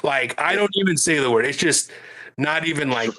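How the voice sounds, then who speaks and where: A man's voice: on the high side, moderate pace. A man, a guest on a podcast, telling a story in casual conversation with lots of swearing. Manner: animated storytelling with frequent swearing.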